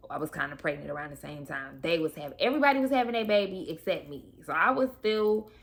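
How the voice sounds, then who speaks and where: A young woman vlogging as a new mom, telling her birth story to camera in a chatty, expressive way with casual slang. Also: deep voice, fast, creaky.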